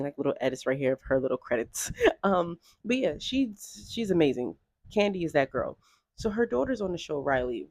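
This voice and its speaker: A woman talking casually to camera in a vlog, chatty and animated, peppering her speech with "like". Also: low-pitched, dry recording. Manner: chatty and animated, heavy use of "like". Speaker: vlogger.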